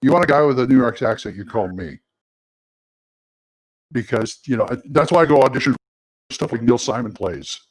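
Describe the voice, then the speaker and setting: A man's voice: medium pitch, lively intonation, normal speed, pauses often, low-quality recording. A man from California with a mid-range voice, chatting casually on a podcast. He is jokey and prone to slipping into silly accents. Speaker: podcast guest, amateur stage actor and gamer.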